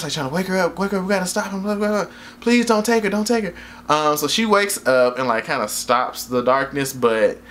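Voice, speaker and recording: A man's voice: mid-range voice, fairly bright tone, a little hiss or hum. A young man recaps a movie in a loose, rambling way. His talk is slangy and profane, packed with fillers. He often breaks into laughter at his own jokes. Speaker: vlogger reviewing a movie. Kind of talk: casual spoken movie recap.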